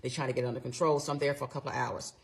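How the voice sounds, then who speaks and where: Animated, blunt middle-aged woman telling a story. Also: rumbling low, very fast, vocal fry. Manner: animated, emphatic retelling, blunt and profane. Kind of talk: casual storytime monologue.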